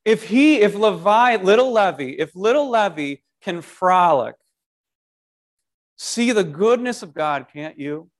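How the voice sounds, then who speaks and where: A man giving a short devotional sermon in an animated, conversational way, often restarting his sentences and asking the listener rhetorical questions. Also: sits high, measured pace. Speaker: preacher.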